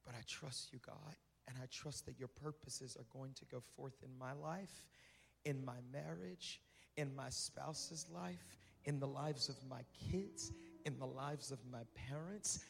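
A man's voice: mid-range voice, measured pace, gravelly, a bit bright. A male pastor delivering a sermon in a conversational way, repeating phrases for emphasis. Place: church sanctuary. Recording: reverberant hall with music behind.

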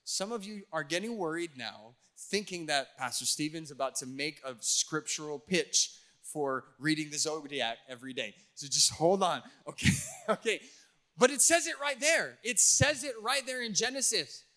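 High, bright-voiced teasing male pastor. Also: animated, moderate pace. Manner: teasing, joking with the audience. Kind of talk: playful sermon to a youth crowd.

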